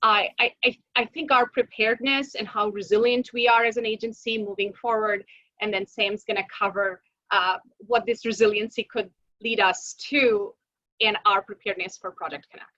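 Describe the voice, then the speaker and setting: A woman presenting for a transit agency in a webinar, measured and pausing often with fillers. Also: mid-range voice, steady tone, pushed and bright, no echo, highs cut off. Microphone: video call.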